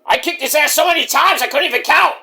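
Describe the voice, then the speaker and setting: Brief: a ranting, easily enraged wrestler ghost with a high, sharp, shouting voice, put on by a man. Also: gravelly, exaggerated voice. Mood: boastful ranting. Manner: shouting, ranting, quick to apologize.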